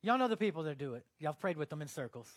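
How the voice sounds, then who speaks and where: A man's voice: on the high side, big pitch swings, fast, dry recording. A young man preaching a casual, joking sermon, acting out little scenes as he goes. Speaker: pastor.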